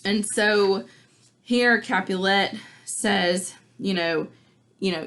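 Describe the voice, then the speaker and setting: A woman's voice: mid-range voice, steady tone, a little slow, fairly bright tone. A woman teacher giving a casual, chatty recap of a play to her class, full of likes and ums. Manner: chatty, filler-heavy, informal.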